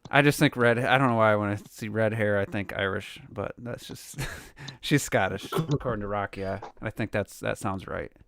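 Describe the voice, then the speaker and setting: A man's voice: fairly low pitch, moderate pace, vocal fry, few pauses, a bit bright, no room sound, studio quality. A man co-hosting a casual podcast chat, rambling with fillers and asides. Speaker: podcast co-host.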